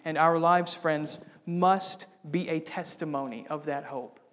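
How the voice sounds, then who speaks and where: A man's voice: a little high, unhurried, fairly bright tone. A man preaching a sermon as pastor, building to bold, emphatic declarations. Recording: long reverb of a church hall.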